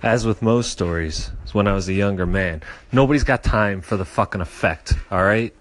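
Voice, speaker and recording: A man's voice: fairly low pitch, normal speed, dry recording. A man co-hosting a podcast, wisecracking and swearing in casual chat. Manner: profane, wisecracking, interjects often. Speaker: podcast co-host.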